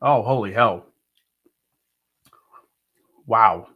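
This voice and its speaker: A man's voice: fairly low pitch, extremely slow, slightly rough, dull audio. A man hosting a casual livestream, greeting viewers by name and thinking aloud as he tastes. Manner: thinks aloud while tasting. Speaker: livestream host.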